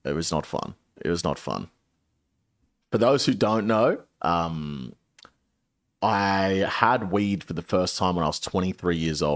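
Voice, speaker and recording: A man in his late twenties, a streamer telling a story to his chat in a casual, animated way, swearing often. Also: low voice. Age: 20s. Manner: animated, swearing a lot, dramatic retelling.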